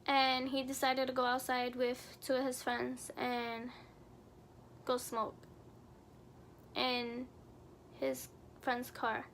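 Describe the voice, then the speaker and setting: Young adult woman, storytime vlogger; high, level delivery, earnest and somber. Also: completely flat delivery, slow pace, long pauses, a bit bright, a little hiss or hum. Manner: earnest, somber retelling with many fillers. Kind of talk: storytime narration.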